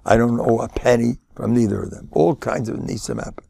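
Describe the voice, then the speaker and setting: An older man giving a Torah lecture, emphatic and repetitive, rising into loud insistent bursts. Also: mid-range voice, fairly even intonation, a little fast, creaky, slightly rough, dry recording. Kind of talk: sermon-style Torah lecture.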